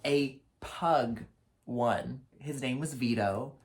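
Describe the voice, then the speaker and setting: A young man and drag performer recapping his year in a casual vlog, talking dramatically with a lot of swearing and jumping between loud rants and flat asides, in his apartment. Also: mid-range voice, takes it slowly. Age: young adult. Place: apartment lit only by a ring light.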